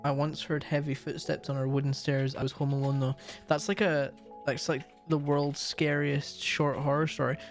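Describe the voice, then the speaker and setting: A man's voice: a little high, level tone, normal speed, few pauses, soft background music. A man co-hosting a podcast, chatting in a laid-back way. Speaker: podcast co-host. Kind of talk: casual chat.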